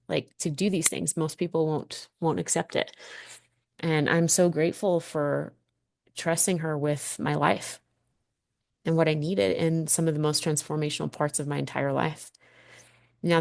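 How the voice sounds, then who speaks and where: A woman's voice: deep voice, fairly even intonation, normal speed, creaky, darkish tone, no echo, clean studio sound. A woman in her thirties hosting a personal podcast monologue, candid and heartfelt, swearing freely as she reflects. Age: 30s. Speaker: podcast host.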